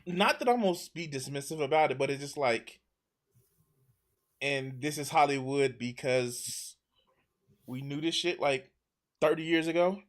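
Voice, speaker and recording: A man's voice: a little high, a little slow, pauses often. A man hosts a casual reaction chat. He talks loosely and swears freely, reacting to clips in a laid-back way. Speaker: show host.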